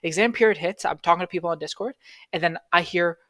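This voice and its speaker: A man's voice: sits high, quick pace, pushed and bright, no echo. A young man co-hosting a podcast online, telling a long story in casual chat with many fillers and restarts. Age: young adult. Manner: rambling, lots of fillers and restarts. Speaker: podcast co-host. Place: home, recorded online. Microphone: online call.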